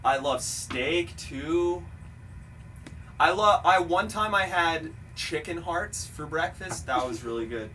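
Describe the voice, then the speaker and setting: A man giving a deadpan comedic interview, halting and earnest, stumbling over repeated words. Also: on the high side. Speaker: interviewee in a mock documentary. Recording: distant mic with steady ambient noise.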